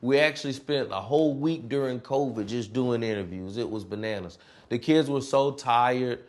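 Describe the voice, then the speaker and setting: A man who mentors and coaches students, telling stories about his work in an earnest, expressive way, laughing often and mimicking his students' voices. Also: medium pitch, moderate pace. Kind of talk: personal storytelling interview.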